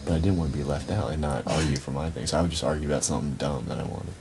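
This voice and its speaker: A deep, gravelly-voiced man rambles through stories late at night, swearing freely and restarting sentences as he goes. He talks in a shared bedroom over a clip-on mic, with heavy hiss covering the live-feed audio. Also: fairly even intonation, racing. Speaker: reality show houseguest. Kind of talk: late-night casual storytelling.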